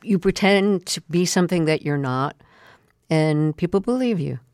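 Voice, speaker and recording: A woman's voice: on the low side, expressive, normal speed, darkish tone, no echo, clean studio sound. A woman interviewer asking engaged follow-up questions in a conversational interview.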